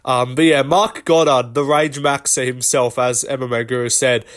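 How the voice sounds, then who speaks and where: A man's voice: medium pitch, steady tone, normal speed, fairly bright tone. A man hosting a casual commentary vlog, rambling and swearing with lots of fillers. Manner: rambling and profane, many fillers. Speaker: host.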